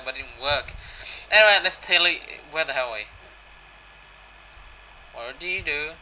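A young man commentates his way through a video game quest, joking, swearing and reading the characters' lines out loud. His voice is very bright and sharp, over a faint background hiss. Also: mid-range voice, rough recording. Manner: jokey, swears, reads dialogue aloud. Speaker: gaming channel host.

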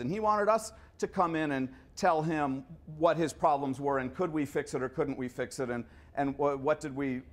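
Fifties male lecturer, somewhat high voice, chatty storyteller who trips over his words. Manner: conversational, anecdotal, stumbles and repeats words. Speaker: guest lecturer.

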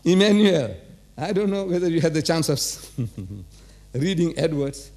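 Male lecturer, teasing and rhetorical with a live crowd, voice pitched a bit high. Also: lively intonation, a little slow, a little mellow. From South Africa. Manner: rhetorical, quizzes and teases the audience. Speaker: religious lecturer. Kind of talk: religious lecture to a live audience. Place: large auditorium.

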